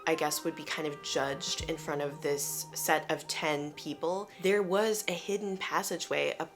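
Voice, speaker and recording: A young woman from the United States telling a travel story in an animated, chatty, self-deprecating way. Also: deep voice, moderate pace, over music. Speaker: vlogger. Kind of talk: casual storytelling to camera.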